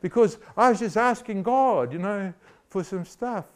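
Man doing a cheerful teenage daughter, breezy, reassuring, lifted a little in pitch. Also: measured pace.

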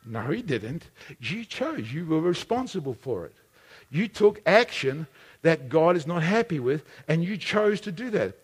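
A man preaching a sermon in an impassioned way, building to shouts and then dropping low. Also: big pitch swings, unhurried, slightly rough, big-room sound. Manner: impassioned, shouting at peaks, dramatic swings.

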